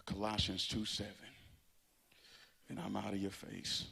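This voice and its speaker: A man's voice: fairly low pitch, wildly swooping pitch, measured pace, vocal fry, pauses often, husky. A man preaching a sermon to a live congregation, repeating lines and breaking into a sung, whooping cadence. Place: church sanctuary before a live congregation.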